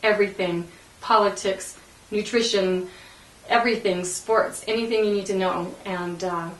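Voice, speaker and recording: A woman interviewee recalling a painful memory, halting and emotional, with many fillers and laughing through tears. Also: medium pitch, fairly even intonation. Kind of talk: personal recollection in an interview. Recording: roomy, distant mic.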